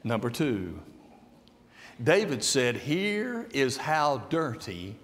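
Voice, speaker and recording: A man preaching a sermon in slow, deliberate phrases that swing from soft, low passages to loud, emphatic peaks. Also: very animated, long reverb tail.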